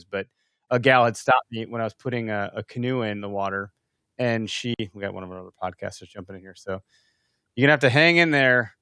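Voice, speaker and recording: Fast-talking chatty podcast host. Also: male voice, lowish voice, pushed and bright, no room sound. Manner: chatty storyteller, easygoing. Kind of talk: casual podcast conversation.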